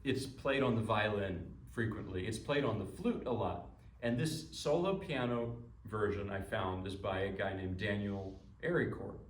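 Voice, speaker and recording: Captured from far away by a distant microphone in an echoey recital room, a pianist jokes and rambles casually while introducing the piece he is about to play, restarting sentences frequently. He has a fairly low voice and talks at normal speed with hardly any pauses.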